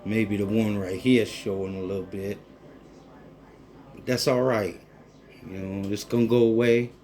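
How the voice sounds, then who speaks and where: A man, talking casually and warmly to viewers in a rambling cooking vlog from his home kitchen. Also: on the low side, fairly even intonation, unhurried. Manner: heartfelt, rambling, addresses viewers as folks. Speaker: cooking vlogger.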